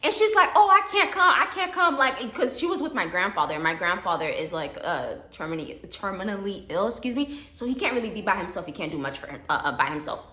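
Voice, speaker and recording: A young woman telling a casual storytime in a chatty, animated way, acting out quotes. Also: fairly low pitch, quick pace, hardly any pauses. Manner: animated, chatty, laughs often, acts out quotes. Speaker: vlogger. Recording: echoey room.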